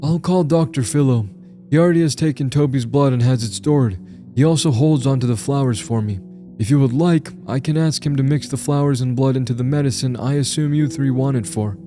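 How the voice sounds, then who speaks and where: A man doing a calm dog-eared young guy. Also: medium pitch, fairly quick, faint music behind, pitched above the performer's own voice, close to an everyday voice. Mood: friendly. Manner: calm and friendly.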